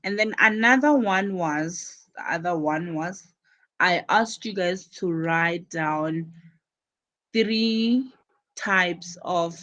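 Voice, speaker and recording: A woman's voice: on the low side, fairly bright tone, poor audio. A woman teaching an English pronunciation lesson to students, patiently repeating and stressing key words as she explains.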